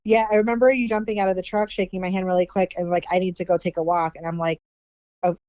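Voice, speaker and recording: A woman's voice: lowish voice, little pitch movement, racing, darkish tone, clean tone, no room sound. A middle-aged woman, a podcast guest, telling a story in a casual interview and acting out the people she quotes. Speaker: podcast guest, former animal control director.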